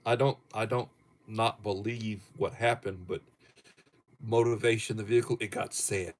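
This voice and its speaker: A man's voice: lowish voice, steady tone, a little hiss or hum. A middle-aged man hosting a casual livestream, reading topics aloud with chuckles. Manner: slow, chuckling, reads viewer topics aloud. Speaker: livestream host.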